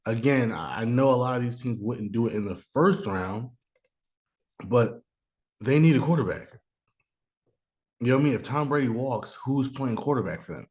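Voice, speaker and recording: A man's voice: mid-range voice, lively intonation, normal speed, long pauses, a little mellow. A man hosting a show, talking through a mock draft in a casual, think-aloud way, with bursts of joking outrage. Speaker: podcast host doing a mock draft. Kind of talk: casual solo commentary. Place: room at home, noise outside.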